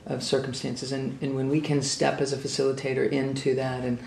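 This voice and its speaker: A man's voice: medium pitch, completely flat delivery, fairly quick, gravelly, a little mellow, roomy sound, slight background noise. A man hosting the conversation speaks sincerely and effusively in long, flowing phrases.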